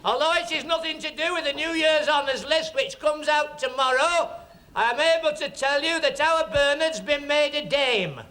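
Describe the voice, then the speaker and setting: A man's voice: very high-pitched, moderate pace, bright, forceful tone. A man compering at a club, introducing the next act with dry joking banter. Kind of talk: introducing acts. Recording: old club recording with crowd laughter and noise.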